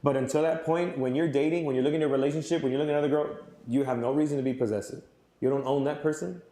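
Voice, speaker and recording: A man's voice: a little high, fairly even intonation, racing, dark tone. A young man giving an earnest youth sermon in a conversational way, with fillers and repeated phrases. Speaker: youth pastor. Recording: roomy hall echo.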